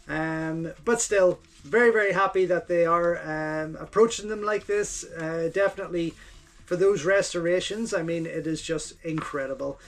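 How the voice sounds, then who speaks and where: A man, hosting his channel and gushing his way through a casual unboxing commentary, repeating his words of praise. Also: sits high. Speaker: channel host reviewing home video releases.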